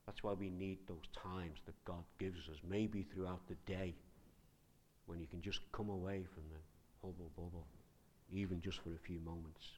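Animated male preacher. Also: low-pitched, moderate pace, slight background noise. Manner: animated, conversational, asks many questions. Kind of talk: sermon.

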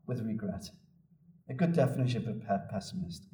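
Preacher, lively and repetitive. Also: male voice, mid-range voice, fairly quick. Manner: animated storytelling, repeats phrases for emphasis. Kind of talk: sermon. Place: church. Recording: echoey church room from a distance.

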